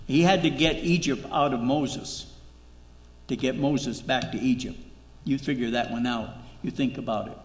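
A man's voice: medium pitch, normal speed. A man preaching a sermon as pastor, emphatic, repeating key words and asking rhetorical questions. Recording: echoey hall reverb.

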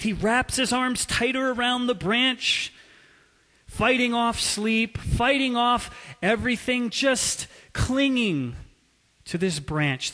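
A man preaching a sermon as a pastor, telling a story with drawn-out emphasis. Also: high voice, pushed and bright. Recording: long hall reverb.

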